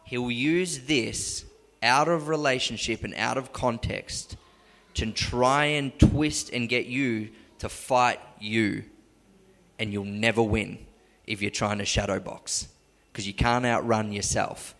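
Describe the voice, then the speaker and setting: Guy preaching casually, lively and chatty, bright voice, echoey hall. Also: medium pitch, slow. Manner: animated and conversational, with frequent restarts and laughs. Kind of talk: sermon.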